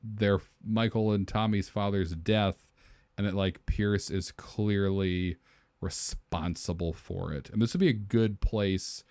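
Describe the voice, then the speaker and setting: A man's voice: lowish voice, slow pace, no room sound. A man co-hosting a podcast, brainstorming a movie plot in casual chat and acting out the characters' lines as he goes. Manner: animated storyteller, acts out characters' lines. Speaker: podcast co-host.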